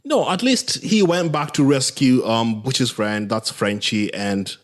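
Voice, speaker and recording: A man's voice: mid-range voice, measured pace. A man co-hosting a podcast in casual chat, hesitant with restarts, rising when annoyed. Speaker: podcast co-host.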